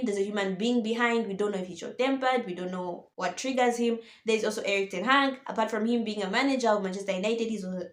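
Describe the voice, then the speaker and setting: A woman ranting about football in a casual vlog, animated and exasperated, firing off rhetorical questions. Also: medium pitch, echoey room. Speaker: football vlogger. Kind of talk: opinionated casual monologue.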